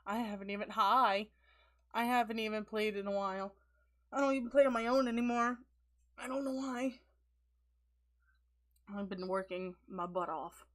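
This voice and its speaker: A woman's voice: moderate pace, pauses often. A woman hosting a casual livestream, chatting and giggling often and cooing at her pets. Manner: giggly, coos at her pets in a high baby voice. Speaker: livestream host.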